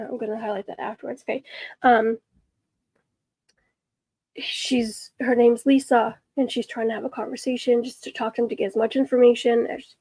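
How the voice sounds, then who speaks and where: Woman, livestream host, casual chat with viewers, high voice, earnest, rambling, dry close sound. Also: vocal fry, a little mellow, no echo. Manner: chatty, rambling, earnest, trails off and restarts.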